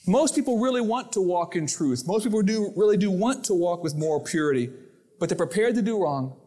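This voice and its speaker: A male pastor preaching with a high, very lively voice that leaps up and down. He throws himself into his sermon and acts out the voices in his quotes and stories. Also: brisk. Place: church sanctuary.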